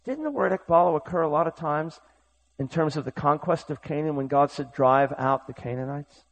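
A male preacher with a slightly raised pitch delivers a fiery sermon. He pushes hard on his calls to action, then drops to a low, intimate tone for the Bible story. His voice carries the urgency of a revival pulpit. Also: a little fast, lo-fi sound. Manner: impassioned, urgent, swings between shouting and hushed tones.

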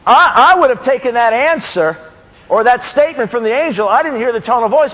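A preacher from New York delivering an impassioned sermon that builds to shouted questions. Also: male voice, very high-pitched, lively intonation, brisk. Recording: long hall reverb.

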